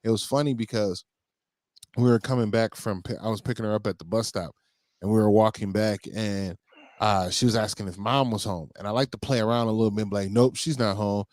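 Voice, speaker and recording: A man co-hosting a casual podcast, telling family stories in an animated way and laughing often. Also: on the low side, brisk, no room sound, clean studio sound. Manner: animated storyteller, acts out his daughters' voices, laughs often. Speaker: podcast co-host. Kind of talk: casual chat.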